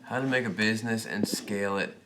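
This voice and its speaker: A man hosting a casual livestream, reading viewer questions aloud and thinking out loud in a rambling, jokey way. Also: fairly low pitch, brisk, roomy sound, noisy background. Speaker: host of a motorcycle dealership livestream.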